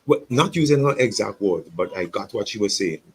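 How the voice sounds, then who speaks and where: In a radio studio, a pastor from St Vincent and the Grenadines earnestly apologizes in public on a radio show, reflecting aloud and repeating his words. His fairly low voice has lively intonation and moves fairly quickly. The recording is low quality, with slight background noise.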